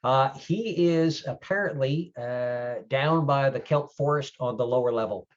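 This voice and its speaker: A man's voice: mid-range voice, measured pace, highs cut off, pitched above the performer's own voice, lightly acted. A man voicing a shaggy young male aquarium desk clerk, casual and a bit hesitant. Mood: casual helpful.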